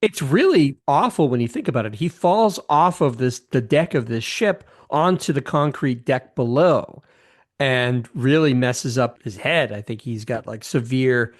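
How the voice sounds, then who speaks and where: A man's voice: mid-range voice, expressive, a little slow. A man in his fifties co-hosting a casual film discussion, retelling scenes with enthusiasm, rambling and restarting his sentences. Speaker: podcast co-host.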